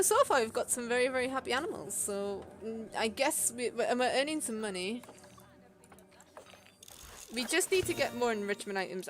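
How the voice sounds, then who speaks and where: A young woman streaming a game from her bedroom, chatting in a relaxed way and thinking aloud. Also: medium pitch. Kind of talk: casual gameplay chat. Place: bedroom at home. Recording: game music playing underneath.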